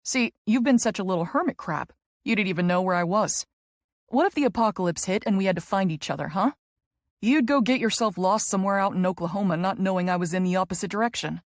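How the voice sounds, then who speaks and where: A woman's voice: mid-range voice, fast talker, no echo, clean studio sound, lightly acted. A woman narrator voicing a teasing, protective young adult man who is the heroine's twin brother, in an audiobook.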